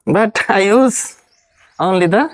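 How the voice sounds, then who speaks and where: A man from Bangladesh with a Bangladeshi English accent, an English trainer giving an earnest, encouraging motivational talk, halting often to correct himself. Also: high voice.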